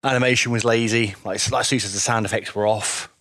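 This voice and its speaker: A man's voice: fairly low pitch, steady tone, fairly quick, a bit bright, no room sound, clean studio sound. A man co-hosting a casual cartoon review chat, blunt and rambling, often repeating his words. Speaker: podcast co-host reviewing cartoons.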